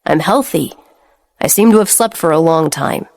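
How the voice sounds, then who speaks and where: A woman voicing a young man just out of a coma, speaking softly and reassuringly. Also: low voice, normal speed. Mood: gentle. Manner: soft, reassuring.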